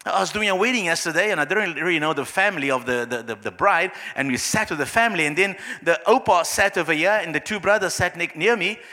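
Male pastor, high and bright, echoing hall sermon, dramatizes scenes quietly. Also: fast, hardly any pauses. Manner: acts out little scenes in soft, low voices. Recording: long hall reverb.

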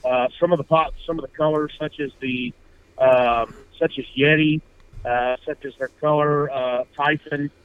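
Man, brand co-founder on a radio call, rambling with lots of fillers, slightly high voice, dry tinny phone sound. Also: steady tone, normal speed, clean tone. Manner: rambling, many fillers and restarts. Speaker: fishing apparel brand co-founder. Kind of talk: casual radio interview.

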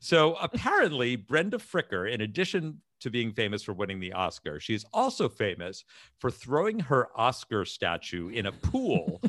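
A man's voice: medium pitch, a bit bright, no echo, clean studio sound. A man co-hosting a casual chat show, telling a story and laughing often. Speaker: podcast co-host.

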